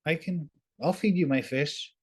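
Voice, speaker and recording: A wise, watchful eagle from a told story speaks calmly and agreeably in a lifted voice, as a man puts him on. He sounds quietly knowing. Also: on the high side, measured pace, slightly rough, pitched above the performer's own voice.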